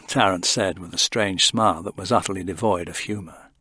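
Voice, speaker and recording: A man narrating a science fiction audio story in an expressive, tense manner. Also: sits low, fairly quick, no room sound, clean studio sound.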